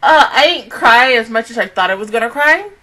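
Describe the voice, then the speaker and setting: A woman hosting an anime reaction, her voice fairly high and very bright. She swears freely, laughs and cries out at the screen, then drops into quieter, thoughtful review. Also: animated, fairly quick. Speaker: anime reaction channel host.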